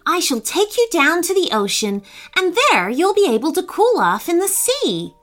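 A woman's voice: very high voice, big pitch swings, moderate pace, fairly bright tone, soft background music, pitched above the performer's own voice, heavily acted. A woman voicing a young girl who scolds her dogs in a children's story. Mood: lively. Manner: scolding, exclamatory.

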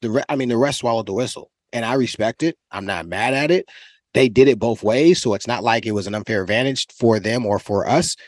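A man's voice: no room sound, studio quality. A man in his forties from California, a former football player co-hosting a podcast, telling a story in casual chat and acting out quotes with big jumps in his voice. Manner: animated, acts out quotes with big pitch jumps, laughs often.

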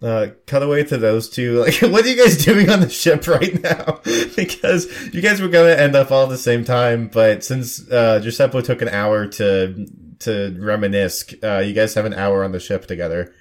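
A man narrating as game master in a relaxed, hesitant way with many fillers. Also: medium pitch, moderate pace, few pauses.

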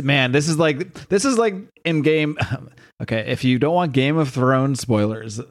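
Podcast co-host, rambling enthusiastic chat, lots of hesitation. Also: male voice, medium pitch. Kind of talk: casual podcast discussion.

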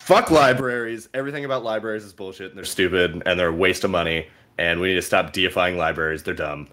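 A man's voice: deep voice, fast, bright, forceful tone. A young man chatting casually as a podcast co-host, joking crudely and ranting with swearing. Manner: crude, joking, ranting, puts on silly voices in quotes. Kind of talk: casual chat.

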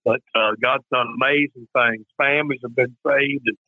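A man's voice: medium pitch, fairly even intonation, normal speed, no room sound. A man from Mississippi, a pastor calling in to a faith show, talking in an upbeat, enthusiastic way with some hesitations. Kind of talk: phoned-in call-in conversation. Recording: tinny phone line.

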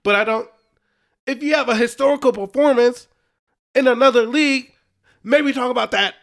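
High-voiced man ranting about sports. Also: normal speed, creaky. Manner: animated, ranting and exasperated. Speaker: podcast co-host. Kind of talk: casual sports chat.

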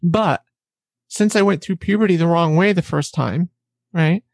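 A woman guest in a casual interview, telling quick anecdotes with a trained, deliberately raised voice and acting out what others said. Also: on the low side, a little mellow, no room sound, studio quality. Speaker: interview guest, former announcer and vocal coach.

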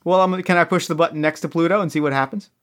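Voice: mid-range voice, fast talker, a bit bright. A player in an escape-room game who thinks aloud, restarts sentences and jokes at their own expense. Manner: restless restarts, self-mocking.

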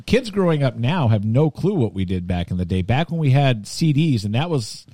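A man's voice: medium pitch, sing-song, moderate pace, dark tone, dry recording. A man in his thirties hosting a podcast, chatting casually and teasing his co-hosts. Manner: teasing, joking. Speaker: podcast host. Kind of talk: casual chat.

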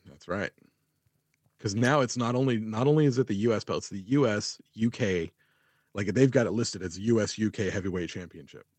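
A man co-hosting a podcast, chatting casually about wrestling, excitable, teasing and full of swearing. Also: fairly low pitch, brisk, husky, dry recording. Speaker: podcast co-host.

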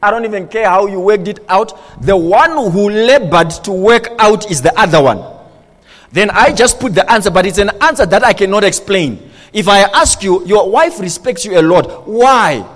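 A pastor delivers a lively sermon in a notably high male voice. He keeps throwing rhetorical questions at his congregation. The sound rings with the long reverb of a large church hall. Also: moderate pace.

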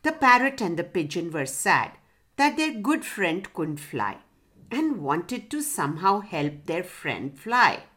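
Slow lively woman reading a kids story, asks the kids stuff. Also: on the low side. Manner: slow, expressive, asks children questions. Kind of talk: children's story narration.

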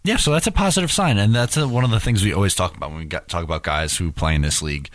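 Man, very low voice, easygoing co-host, dry close mic. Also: racing, no room sound. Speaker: podcast co-host. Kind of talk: casual sports chat.

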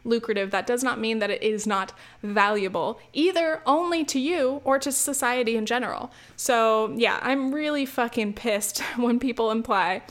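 A young woman talks straight to her audience in a loose, chatty rant, tripping over restarts, dropping fillers and swearing freely. Her voice sits a little high. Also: moderate pace, few pauses. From United States. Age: young adult. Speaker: student vlogger. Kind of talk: casual rant to camera.

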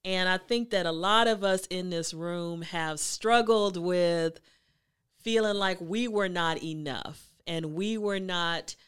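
Animated woman storyteller hosting a talk. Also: lowish voice, clean tone. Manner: animated storyteller, chatty and emphatic. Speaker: host.

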